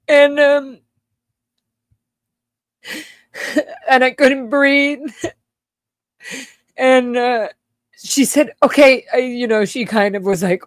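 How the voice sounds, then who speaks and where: A woman hosting a livestream, telling her own childhood story in a halting, emotional way with blunt swearing and many restarts. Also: high voice, fairly even intonation, no room sound, studio quality. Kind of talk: casual personal storytelling.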